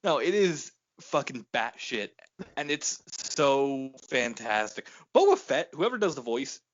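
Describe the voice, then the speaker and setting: A man co-hosting a podcast in casual chat, excitable and swearing, laughing often and acting out quotes. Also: mid-range voice, unhurried, no echo. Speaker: podcast co-host. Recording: dull lo-fi sound.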